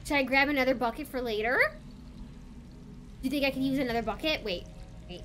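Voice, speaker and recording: A woman streamer giving excitable, gasping commentary as she plays a game live and chats to her viewers. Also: high voice, a little fast, slight background noise. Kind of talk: live let's play commentary. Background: game music.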